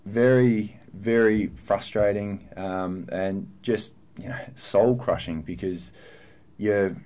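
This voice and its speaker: Man, 30s, pro footballer guest: lowish voice, candid, thoughtful, halting. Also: darkish tone. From Australia. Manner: earnest, reflective, with frequent fillers and restarts. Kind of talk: candid podcast interview.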